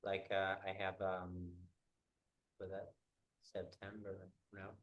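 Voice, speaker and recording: A man teaching a one-on-one English pronunciation lesson, explaining haltingly with many fillers. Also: low-pitched, completely flat delivery, highs cut off.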